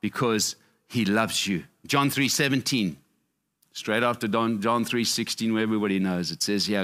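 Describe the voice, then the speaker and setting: Middle-aged male pastor, fervent sermon, keeps hammering his points, swings from high peaks to quiet low asides. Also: moderate pace. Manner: passionate, repetitive emphasis, swinging up and down in pitch.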